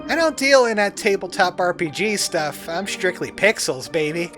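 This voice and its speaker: A man's voice: high voice, big pitch swings, normal speed, hardly any pauses. A man casually commentating a video game he is playing, chatty and jokey, often reading the game's text aloud. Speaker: let's play host. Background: game music.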